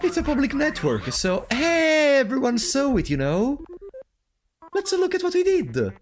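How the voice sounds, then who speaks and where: A man's voice: extremely high pitch, wildly swooping pitch, unhurried, pitched above the performer's own voice, heavily acted. A man voicing a sadistic game-show host in a taunting, theatrical, mock-cheerful way, with game music behind.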